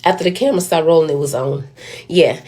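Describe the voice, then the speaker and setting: A woman's voice: low-pitched, quick pace, dark tone. A woman giving casual reaction commentary in a sassy, storytelling manner, calling the listener "baby".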